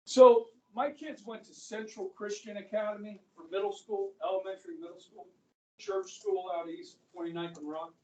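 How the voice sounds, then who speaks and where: A man's voice: high voice, fairly even intonation, moderate pace, a little mellow. Middle-aged guy teaching history, chatty, lots of okay?, echoey classroom from far off. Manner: chatty, keeps checking in with students. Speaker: high school history teacher. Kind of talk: classroom lecture.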